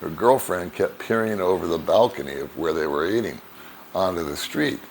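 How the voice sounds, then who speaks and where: Deep-voiced older man telling stories. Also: moderate pace, slight background noise. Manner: relaxed, rambling anecdotes with chuckles. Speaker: vlogger. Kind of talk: casual storytelling to camera.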